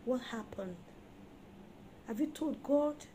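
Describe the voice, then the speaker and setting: A woman's voice: high voice, slow pace, warm tone, a little hiss or hum. A woman preaching an emphatic sermon on marriage, firing rhetorical questions at her listeners.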